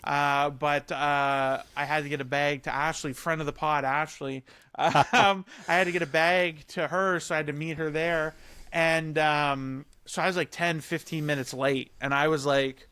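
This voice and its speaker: A man with a fairly high, smooth and resonant voice chats casually on a podcast. He sounds easygoing and uses lots of fillers. The sound is dry and close, with no room echo. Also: little pitch movement, measured pace, pushed and bright. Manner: chatty, laid-back, lots of fillers. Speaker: podcast co-host. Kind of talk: casual chat.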